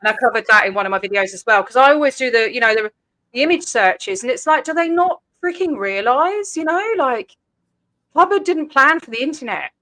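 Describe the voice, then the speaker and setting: A woman hosting a casual livestream chat, animated and blunt, swearing freely and laughing quickly. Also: sits high, dry recording. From Australia. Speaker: livestream host.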